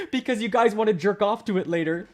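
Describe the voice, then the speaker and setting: A man from Canada ranting sarcastically on a live stream, mocking chat with laughs and put-on voices. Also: sits high. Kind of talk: casual live-stream rant.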